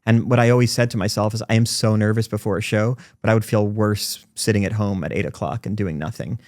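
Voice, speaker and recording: Brief: man in his 40s, podcast guest, rapid-fire anecdotes, dry close mic. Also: on the low side, no room sound. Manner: fast, animated storytelling. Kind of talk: podcast conversation. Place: recording studio.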